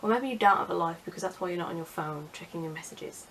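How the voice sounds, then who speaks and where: A woman's voice: lowish voice, fast talker, a bit bright, a little hiss or hum. A young woman chatting casually in a vlog, sarcastic and self-mocking. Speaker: vlogger.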